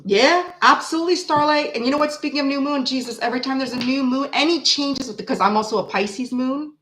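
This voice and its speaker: A woman in her forties hosting a casual tarot livestream, chatting with viewers in an animated, blunt way, swearing freely and laughing often. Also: sits high, quick pace, poor audio. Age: 40s. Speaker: tarot reader host.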